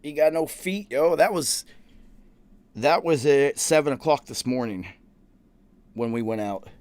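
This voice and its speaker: A man's voice: mid-range voice, unhurried, a little mellow, no room sound. A man hosting a podcast, telling a story in a casual, profane, laid-back way and quoting the people in it. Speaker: podcast host.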